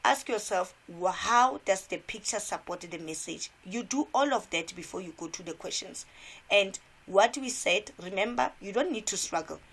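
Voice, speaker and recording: A woman's voice: medium pitch, expressive, moderate pace, fairly bright tone, husky. A South African woman teacher giving an exam revision lesson, repeating key points and asking rhetorical questions.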